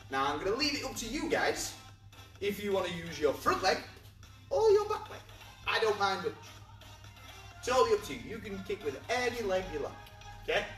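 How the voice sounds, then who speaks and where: A man's voice: high-pitched, a bit bright. Upbeat man coaching kids, echoey and distant. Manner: upbeat, encouraging, explains step by step; demonstrates moves while talking. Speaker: martial arts instructor. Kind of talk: teaching a kids' martial arts class to camera. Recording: echoey room, from far off, faint music.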